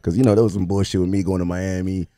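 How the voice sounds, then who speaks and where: A man's voice: sits low, level tone, fast talker, dark tone, no room sound. A man hosting a radio show, bantering casually with profanity and laughter. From Haiti. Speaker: radio DJ host. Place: radio studio.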